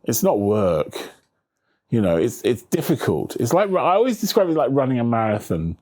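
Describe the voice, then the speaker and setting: A man talking in a relaxed interview, telling stories with lively swings in his voice and slipping into little voices for the people he quotes. His voice sits at an ordinary middle pitch, and his chatty delivery has the odd casual swear. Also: moderate pace. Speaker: author being interviewed.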